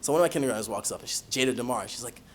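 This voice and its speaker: A young man, a college student, telling humorous personal stories in an animated, self-mocking way. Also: mid-range voice, very fast, a little hiss or hum. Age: young adult.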